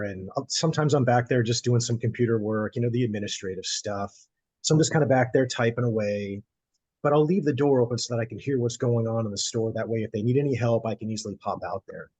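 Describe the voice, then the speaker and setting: Easygoing man with a husky voice, dry close sound, casual story. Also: medium pitch, darkish tone, no echo, poor audio. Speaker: bookseller guest. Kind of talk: casual anecdote on a video call.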